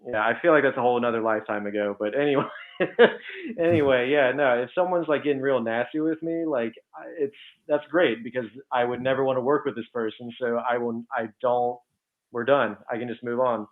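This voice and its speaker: Over a remote call with tinny, phone-like audio, a male guest developer chats casually in a mid-range voice at a slightly fast pace. He is blunt and candid, even calling himself petty.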